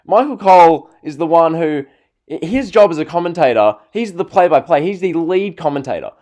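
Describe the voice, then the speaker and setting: A man's voice: on the high side, lively intonation, moderate pace, a little mellow. A man hosting a wrestling vlog, ranting in an exasperated tone and sighing in frustration. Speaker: wrestling vlogger. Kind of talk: ranting opinion video.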